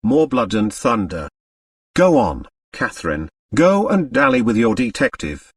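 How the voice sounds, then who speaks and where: A man's voice: mid-range voice, sing-song, measured pace, breathy edge, no room sound. A man voicing a teasing society companion, who speaks in a mocking tone. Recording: dry, slightly distant mic.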